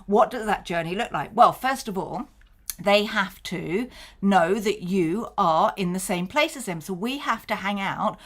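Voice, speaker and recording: A woman's voice: medium pitch, animated, measured pace, fairly bright tone. A woman, a marketing coach, explaining to camera in a chatty style and often acting out bits of dialogue. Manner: conversational, acts out short snippets of dialogue.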